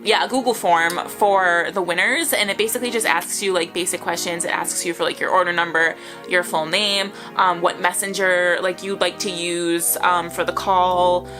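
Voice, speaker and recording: A young woman chatting excitedly to camera in a casual home vlog. She swears a lot, rushes her words and fills them with likes and ums. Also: fairly low pitch. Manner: excitable, swears a lot, talks fast with many fillers. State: shaky and tearful with excitement. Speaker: vlogger. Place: bedroom at home, early morning.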